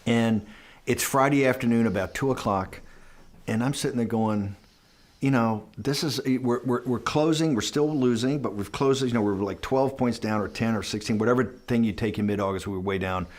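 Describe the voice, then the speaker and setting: A man in an interview spinning a long anecdote at a middling pitch. He talks in loose bursts, doubling back on his words and slipping into the voices of the people in his story. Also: normal speed. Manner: rambling, animated, restarts and acts out quoted dialogue. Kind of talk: conversational storytelling.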